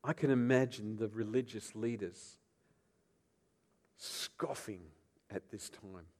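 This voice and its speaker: A man preaches a sermon, dramatically retelling scripture and shifting between soft, low passages and loud outbursts. He takes his time.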